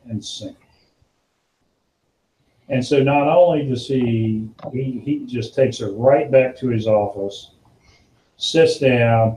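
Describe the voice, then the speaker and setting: A man hosting a podcast, casually telling an animated story and now and then putting on a higher voice for the people in it. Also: roomy sound, slight background noise, low-quality recording. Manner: animated storyteller, acts out quotes in a higher voice, laughs often. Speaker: podcast host.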